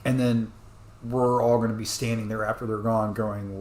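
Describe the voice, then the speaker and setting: A man rambling through an earnest, apologetic rant as a commentator reacting to the news, breaking into sudden loud bursts. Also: fairly low pitch, little pitch movement, normal speed, echoey room. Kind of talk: rambling ranting monologue.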